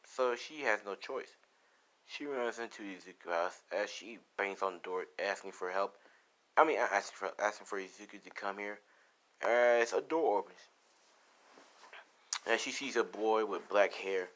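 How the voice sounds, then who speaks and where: A man's voice: lowish voice, unhurried, fairly bright tone. A man improvising a casual fan story, rambling with lots of "you know" and "like".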